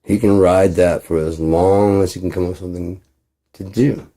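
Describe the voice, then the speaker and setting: A man's voice: low-pitched, steady tone, moderate pace, warm tone. A man rambling in a casual monologue, profane, acting out both sides of imagined conversations. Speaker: channel host.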